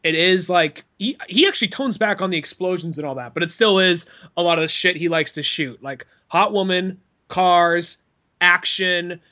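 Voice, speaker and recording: A man whose voice sits high, bright and forceful, talks at a moderate pace as a podcast co-host. His casual chat rambles, with swearing and goofy put-on voices.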